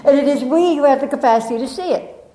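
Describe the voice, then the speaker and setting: A woman's voice: sits high, fast talker, reverberant, rough recording. A woman giving an inspirational talk to an audience, telling a story with acted-out quotes and frequent laughter. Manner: expressive storyteller, acts out quotes, laughs often. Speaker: spiritual speaker.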